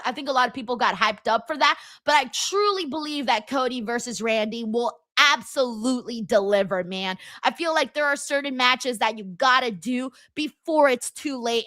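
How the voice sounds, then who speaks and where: Giggly bright-voiced woman host. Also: on the high side, no room sound, studio quality. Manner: giggly, joking, reading chat comments aloud. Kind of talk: live stream watchalong chat.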